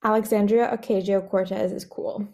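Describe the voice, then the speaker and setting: A woman chatting casually with a friend, playful and quick to laugh. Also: mid-range voice, level tone, warm tone. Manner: playful, laughing often, rating people as cool or not. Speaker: co-host. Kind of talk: casual chat.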